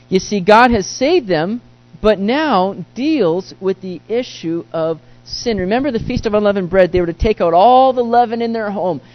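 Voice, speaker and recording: Pastor, male, high voice, earnest and emphatic sermon delivery, lots of rhetorical questions; muffled lo-fi take. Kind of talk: sermon teaching through a Bible book. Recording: dull lo-fi recording.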